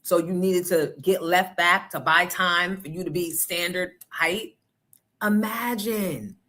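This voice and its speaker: A woman hosting a morning show, telling stories in a blunt, profane, animated way. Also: on the low side, takes it slowly. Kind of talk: casual opinion talk.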